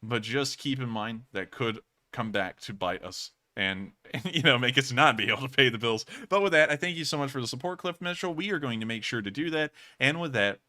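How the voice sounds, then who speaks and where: A man's voice: medium pitch, lively intonation, a little fast, hardly any pauses, sharp tone. A man from Alabama, co-hosting a casual livestream, reading out donations and thanking viewers at length, with a lot of repetition. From Alabama, USA. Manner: thankful, rambling, repeats thanks often. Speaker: livestream co-host.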